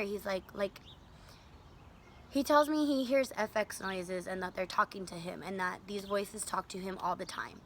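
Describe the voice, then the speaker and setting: Bright-voiced young woman telling a story. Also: medium pitch, normal speed, slight background noise. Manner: animated, profane, acts out her own and the passenger's lines. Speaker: vlogger telling a rideshare story. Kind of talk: casual storytelling vlog.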